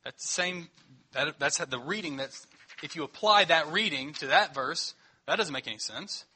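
A man's voice: on the high side, lively intonation, moderate pace, pushed and bright, husky. A man preaching a sermon as pastor, teaching in a conversational way and checking in with the congregation.

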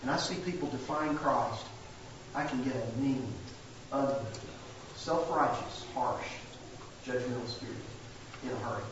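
A man's voice: mid-range voice, slight background noise. Echoey, distant male pastor preaching. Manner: earnest preaching with a folksy aside. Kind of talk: sermon. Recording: very echoey church sanctuary, distant mic, dull.

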